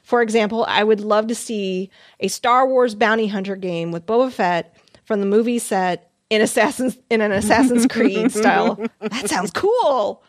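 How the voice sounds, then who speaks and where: A woman's voice: mid-range voice, moderate pace, no echo, studio quality. A woman co-hosting a gaming podcast, reading listener emails aloud in a chatty, giggly way with small stumbles. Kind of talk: casual podcast chat.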